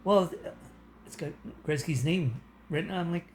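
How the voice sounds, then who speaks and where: A man's voice: on the high side, moderate pace, faint music behind. A man from Canada ranting in a casual, rambling way, full of fillers and restarts and breaking into laughter. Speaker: political commentator. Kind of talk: casual rant to camera.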